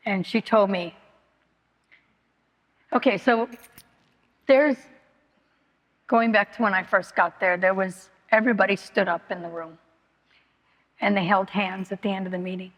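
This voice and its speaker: A woman tells her own story at a recovery meeting, frank and halting, often restarting her sentences and filling pauses. Her voice sits at a middle pitch. It carries a long reverb from a large meeting hall. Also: steady tone, muffled recording. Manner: candid, halting, many fillers and restarts. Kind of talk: personal testimony.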